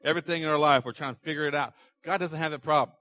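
A man's voice: fairly high pitch, fairly even intonation, rapid-fire, bright, forceful tone. A middle-aged man preaching a sermon in a conversational way, asking rhetorical questions and repeating his points. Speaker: pastor.

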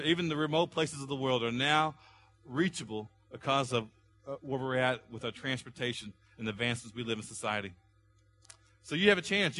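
Preaching with a mid-range voice, a man rises to loud, passionate appeals and then returns to a calmer, instructive tone as pastor.

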